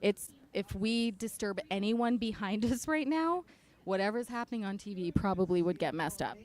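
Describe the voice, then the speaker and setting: Female roving co-host, excited and chatty. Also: mid-range voice, normal speed. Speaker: telethon co-host, roving interviewer. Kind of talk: live backstage interview.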